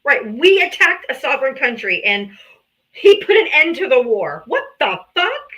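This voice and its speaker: Brief: sharp, foul-mouthed woman debate host, bright tone, slightly high voice. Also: sing-song, normal speed, rough recording. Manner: combative, profane, sarcastic. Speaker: live-stream debate host. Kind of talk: heated political debate on a live stream.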